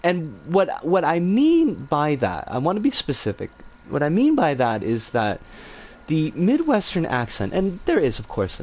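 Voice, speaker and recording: A man streaming and chatting casually, answering viewer comments in a rambling, animated way with some swearing. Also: a little high.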